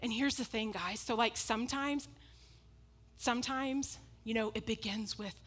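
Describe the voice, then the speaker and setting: Emphatic woman preaching a lively sermon. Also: a little high, unhurried. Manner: emphatic and repetitive, with frequent laughs.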